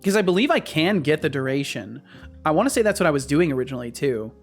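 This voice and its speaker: A man codes live on stream and talks to himself as he goes. His voice sits a little high, and he circles back over his own words while he figures things out. Soft music plays faintly in the background. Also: lively intonation, quick pace. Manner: thinks aloud, repeats and restarts phrases. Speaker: streamer and game developer. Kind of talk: live coding stream, thinking aloud.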